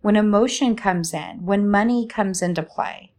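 A woman speaking as a spiritual coach in a slow, soothing, inviting way, asking many reflective questions. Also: mid-range voice, a little mellow. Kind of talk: reflective guided talk.

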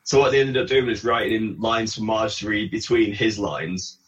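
A man's voice: lowish voice, normal speed, dull audio. A man as a podcast guest in casual chat, telling amused anecdotes.

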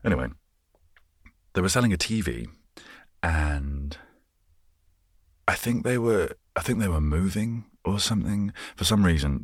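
A man rambling in an easygoing, soft-spoken way, chatting casually so listeners can unwind. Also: rumbling low, dry recording, clean studio sound. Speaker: host. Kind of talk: relaxed rambling chat to help listeners unwind.

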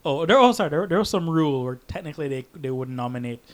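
A man's voice: fairly high pitch, fast. A man co-hosting a casual film podcast, telling stories with lots of energy and acting out the voices of the people in them. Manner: animated storyteller acting out quoted voices. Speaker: podcast co-host.

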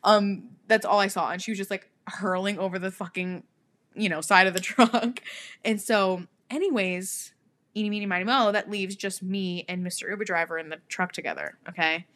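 A young woman recounts a story as a podcast co-host, lively and loose with her swearing, laughing frequently. She speaks at normal speed in a mid-range voice.

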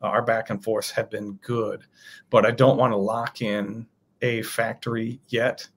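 A man's voice: on the low side, flat delivery, unhurried, fairly bright tone. A man talking casually about his own toy project as a guest, thinking aloud with loose restarts. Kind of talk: casual interview chat.

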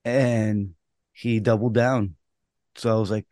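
A man's voice: fairly low pitch, slow pace, no echo. A man co-hosts a casual podcast and tells his umpiring stories with energy, acting out both sides of each argument. He swears now and then without thinking about it. The sound is dry and close, with no room around him. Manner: animated storytelling, acts out both sides of quarrels.

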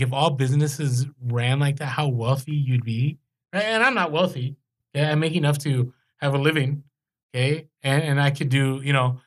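A man co-hosting a podcast in casual chat, animated, his pitch jumping when he gets excited. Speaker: podcast co-host.

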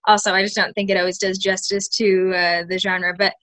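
A woman's voice: medium pitch, level tone, fairly quick, a bit bright, dry recording. A young woman, an actress, chatting casually in an interview, full of "like" and restarts. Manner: chatty, many fillers and restarts. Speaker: actress guest.

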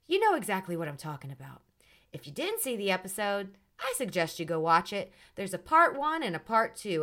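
A woman's voice: medium pitch, sharp tone. A woman hosting a solo podcast, outspoken and sassy. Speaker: podcast host.

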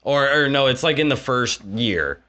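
A man's voice: medium pitch, expressive, moderate pace, bright, forceful tone. A man co-hosting a podcast in casual chat, blunt and joking, swearing casually. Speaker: podcast co-host.

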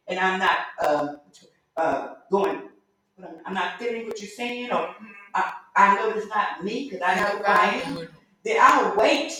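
A woman's voice: mid-range voice, pushed and bright. A woman teaching a Sunday school lesson in a conversational, folksy way, now and then acting out the voices of the people in her stories. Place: church room. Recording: very echoey room, voice from far off.

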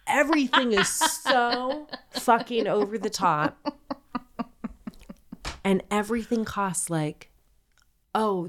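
Swearing freely and performing the voices of people she quotes, a thirtysomething podcast co-host tells a story in relaxed chat. She has a mid-range voice.

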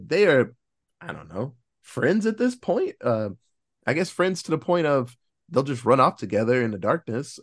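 A man casually recapping a film on a podcast, his voice sitting a little high and swooping all over as he narrates. He acts out the characters' lines in quick asides. He cheers sarcastically and swears offhandedly as the story builds. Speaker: podcast co-host reviewing a film.

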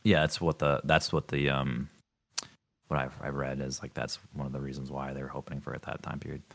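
A man's voice: rumbling low, little pitch movement, fairly quick, creaky. A man co-hosting a podcast in casual chat, swearing freely and laughing often. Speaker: podcast co-host.

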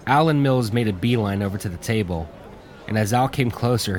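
A man reading a war story aloud in steady audiobook narration. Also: fairly low pitch.

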